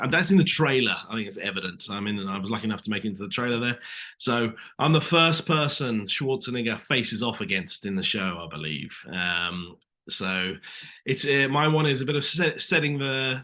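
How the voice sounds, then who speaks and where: A British man with a bright, forceful voice tells stories as an interview guest, talking loosely and filling gaps with little asides. He speaks over a video call. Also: medium pitch. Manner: chatty, lots of "you know" asides. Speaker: actor guest. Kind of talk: casual interview storytelling.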